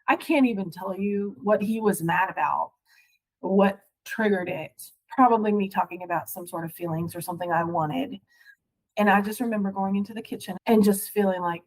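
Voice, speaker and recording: A middle-aged woman recounting her past as a podcast guest, halting and emotional, often restarting her sentences. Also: medium pitch, darkish tone, poor audio. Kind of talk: personal storytelling.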